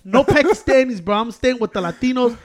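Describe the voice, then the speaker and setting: High-voiced man, rowdy and profane in loose podcast chatter. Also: a little fast. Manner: animated, profane, slips between English and Spanish. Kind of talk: casual banter.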